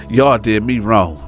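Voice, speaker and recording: A bitter ex-convict son threatens in a coarse, slangy mid-pitched voice, as a man acts him out. He sounds cold and menacing rather than loud.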